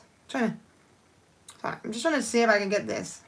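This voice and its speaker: A woman's voice: on the high side, fairly quick, a bit bright. A woman chatting casually on a live stream while doing her nails, rambling and thinking aloud as she works. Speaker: nail art livestreamer.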